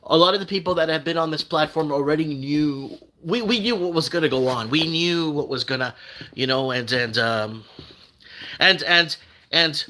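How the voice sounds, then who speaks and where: An older Canadian man hosts a casual live stream, rambling, reading out viewer comments and often restarting his sentences. His voice is on the high side with a sharp tone.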